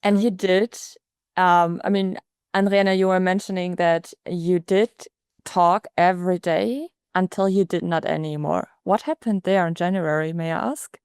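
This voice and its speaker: A woman hosting an interview, asking her guests gentle, polite questions. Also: fairly low pitch, steady tone, moderate pace, smooth, no echo, studio quality. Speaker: podcast host.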